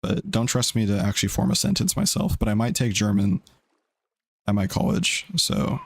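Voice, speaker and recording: A man's voice: on the low side, very animated, normal speed, breathy edge, dry recording. A young man casually chatting while streaming a game, rambling and laid-back. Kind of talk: casual gaming stream chat.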